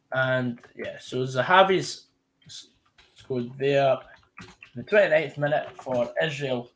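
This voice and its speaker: Scottish lad, 20s-30s, casual watch-along host; rambling, self-correcting delivery. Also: male voice, medium pitch, slow pace, fairly bright tone, a little hiss or hum. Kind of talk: casual live commentary chat.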